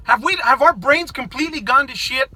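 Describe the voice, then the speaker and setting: Furious and swearing, a middle-aged man from the US rants about politics to his viewers, shouting often and confronting them head-on. He speaks fairly quickly in a strikingly high, sharp, bright voice, and the recording is dry without room echo.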